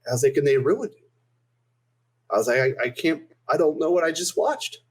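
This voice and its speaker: A man's voice: fairly high pitch, lively intonation, normal speed, husky, rough recording. A man co-hosting a podcast, telling an exasperated story in casual chat. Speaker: podcast co-host.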